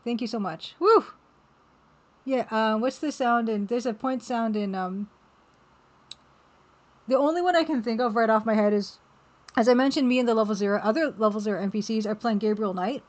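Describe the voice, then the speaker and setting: A game developer streams herself drawing live, chatting casually as she works, reading viewer messages aloud and reacting with excited exclamations. Her voice is a little high and her pace brisk.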